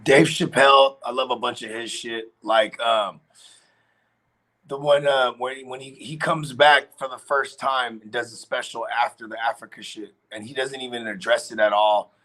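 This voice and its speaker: A man from Washington, D.C., chatting casually and retelling comedy bits in lively put-on voices. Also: mid-range voice, moderate pace, rough recording. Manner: animated storyteller, acts out comedians' bits. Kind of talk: casual chat.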